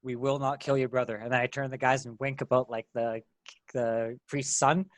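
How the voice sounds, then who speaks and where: A man's voice: mid-range voice, little pitch movement, a little fast, no echo. A man playing a tabletop role-playing game, giving earnest in-character speeches. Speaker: player.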